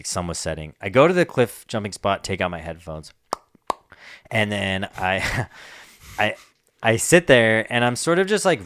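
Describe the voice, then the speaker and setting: A man's voice: deep voice, fairly bright tone, clear, resonant tone, no echo. Laid-back man telling a story, dry sound. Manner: laid-back, swearing, laughs through his telling. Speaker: podcast co-host. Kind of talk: casual chat, storytelling.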